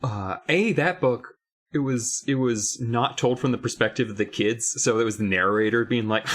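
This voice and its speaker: A medium-pitched man talking at an ordinary pace co-hosts a casual chat about a kids' horror novel. He tends to ramble and start over, adding mock-indignant remarks along the way.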